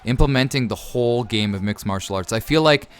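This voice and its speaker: A man's voice: mid-range voice, a little fast. A man in his thirties hosting his gaming channel, answering viewer questions in a chatty, enthusiastic way and often tacking on "man". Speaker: YouTube gaming channel host. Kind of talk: casual Q&A chat to viewers.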